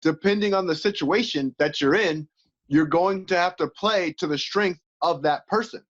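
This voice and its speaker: A man, a coach and former fighter, chatting as an interview guest in an animated way, acting out inner voices. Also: high-pitched, moderate pace. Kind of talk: casual interview chat. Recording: dull lo-fi audio.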